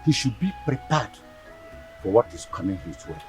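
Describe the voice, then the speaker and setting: A man playing an elder who slowly and gravely soothes a grieving young woman in a film. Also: on the low side, very animated. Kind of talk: Nollywood film acting. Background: faint music.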